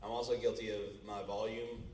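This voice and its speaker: A man's voice: fairly low pitch, level tone, brisk, darkish tone. Easygoing male storyteller in a church group, heard from a distance with faint background noise. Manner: storytelling, acts out quoted exchanges. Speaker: class member, works at a bank office. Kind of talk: casual group discussion. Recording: echoey room, distant mic.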